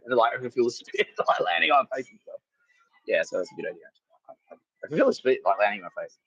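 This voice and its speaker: Man, comedy podcast host, husky voice, lively swooping pitch, rambling and laughing. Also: fast talker, long pauses, no room sound, dull audio. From Australia. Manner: rambling, laughing, swearing, acting out quotes loudly. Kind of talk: casual comedic storytelling.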